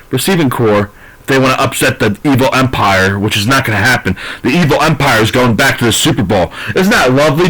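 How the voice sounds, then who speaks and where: A man's voice: on the high side, a bit bright, rough recording. A man ranting through a sports recap, profane, frustrated and rambling. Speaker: sports commentator.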